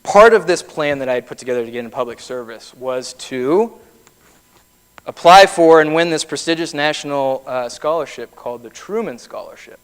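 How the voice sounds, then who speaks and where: The keynote speaker, a man in his thirties, has a fairly high, clean voice and keeps a moderate pace. He recounts personal stories in a conversational way, and the large hall gives a long reverb.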